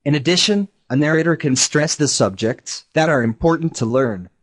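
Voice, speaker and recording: Male text-to-speech voice, scripted lesson narration, measured, explanatory. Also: a little high. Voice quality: even synthetic delivery.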